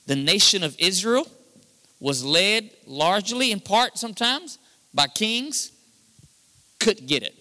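A high-voiced, bright-toned man preaches into a handheld mic, swinging between near-shouts and hushed passages. His voice rings out with a long reverb from the hall. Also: animated, unhurried. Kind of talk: sermon. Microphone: handheld microphone.

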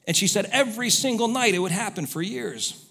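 A man preaching a sermon, telling stories and moving between quiet asides and loud exhortation. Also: sits high, expressive, a little fast, vocal fry. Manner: storytelling, swings from soft to loud exhortation. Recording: long hall reverb.

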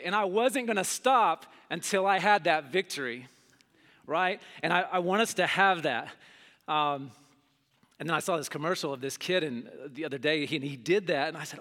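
A middle-aged man preaching a sermon, telling stories and acting out scenes with big jumps in his voice. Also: moderate pace. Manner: animated, acts out scenes with big pitch jumps. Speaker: pastor. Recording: long hall reverb.

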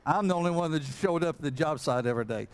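A man preaching as pastor, talking in a folksy, self-deprecating way and filling pauses with "uh". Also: fairly high pitch, smooth. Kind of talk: conversational sermon and prayer.

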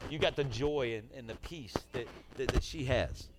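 A man preaching a sermon as pastor, swinging between loud urging and quiet asides in a church sanctuary on a stage mic. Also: mid-range voice, normal speed, background noise.

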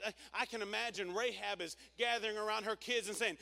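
This pastor's voice sits high and sounds creaky and sharp, his tone steady as he talks fast with hardly any pauses. Preaching a sermon, he tells a story and leads the congregation in call-and-response, having them repeat phrases back.

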